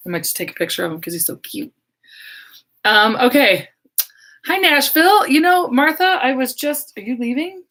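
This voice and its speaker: A middle-aged woman hosting a casual livestream into a webcam, chatty and meandering. Her voice is a little hoarse, and she laughs easily as she talks to viewers. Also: high-pitched, animated, normal speed, fairly bright tone. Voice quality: slightly hoarse. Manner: chatty, rambling, laughs often. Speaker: medium and livestream host.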